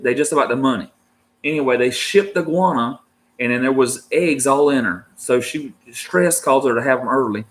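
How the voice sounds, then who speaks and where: The man, an adult and married, has a mid-range voice with a fairly bright tone. As a reptile keeper, he chats to viewers in a loose, rambling way, slangy and relaxed, saying "dude" and "man" a lot.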